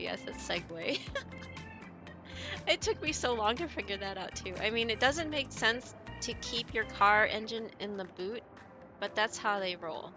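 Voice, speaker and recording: A woman's voice: a little high, pushed and bright. A woman streamer chatting casually with viewers, rambling and giggling often as she mocks herself. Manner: giggly, rambling, self-mocking. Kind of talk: casual gaming stream chat.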